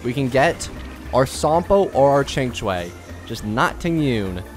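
A man's voice: medium pitch, sing-song, unhurried, soft background music. A young man doing casual, self-mocking commentary while pulling on a gacha game, pleading and bargaining with it as he goes. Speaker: gaming YouTuber.

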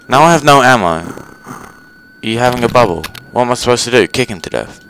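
A man's voice: mid-range voice, expressive, normal speed, a bit bright. A young man chatting casually as he plays a game, rambling with fillers and swearing at enemies. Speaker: gaming channel host. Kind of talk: casual let's play commentary. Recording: noisy home recording.

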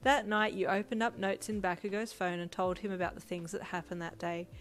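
A woman reading a second-person fanfiction story aloud in a steady, plain storytelling voice. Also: medium pitch, brisk. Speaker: fanfiction reader. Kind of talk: second-person audiobook narration.

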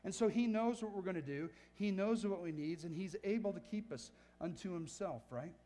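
A man's voice: high-pitched, moderate pace, dark tone. A pastor preaching a sermon in church, earnest and emphatic, often checking in with his listeners. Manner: earnest, emphatic preaching with frequent "right?" asides.

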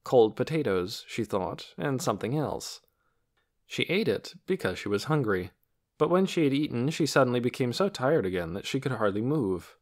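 A man narrating an audiobook chapter in an expressive storytelling manner. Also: moderate pace. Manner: expressive storytelling with lively pitch. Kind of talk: scripted narration.

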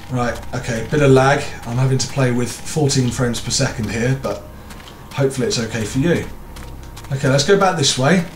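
A man's voice: medium pitch, echoey room, slight background noise. A British man commentating a horror game, nervous and jokey, swearing a lot and screaming in fright. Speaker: gaming YouTuber.

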